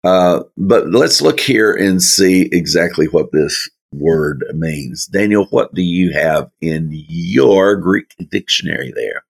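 A man leading a verse-by-verse Bible study, speaking in a slow, folksy way with chuckling asides. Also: low-pitched, vocal fry, husky. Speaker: Bible teacher.

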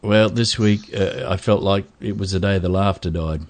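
A man's voice: deep voice, steady tone, moderate pace, darkish tone. Jokey man hosting a podcast. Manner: jokey, teasing, laughs at himself. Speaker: podcast host. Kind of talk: casual chat, show host.

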